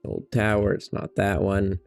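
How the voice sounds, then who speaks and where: A man's voice: low-pitched, monotone, measured pace, vocal fry, a little mellow, soft background music. A man giving rambling, playful gameplay commentary at a desk mic, chatting to his cats between moments in the game. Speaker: gamer.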